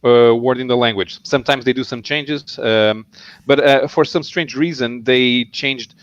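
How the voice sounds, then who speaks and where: A man's voice: mid-range voice, a little slow. A man from Portugal speaking in a casual group video chat, thoughtful and hesitant, often restarting his sentences. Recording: dull lo-fi call audio.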